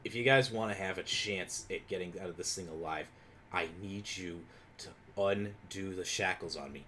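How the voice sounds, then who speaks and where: A man's voice: low-pitched, normal speed, bright, forceful tone, slight background noise. A man playing a tabletop game, joking and talking in character as his hero. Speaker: player.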